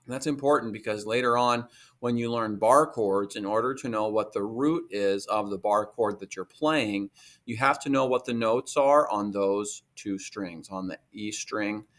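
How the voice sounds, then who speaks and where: A man teaching a guitar lesson, patiently explaining finger positions step by step. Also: fairly low pitch. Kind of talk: recorded music lesson.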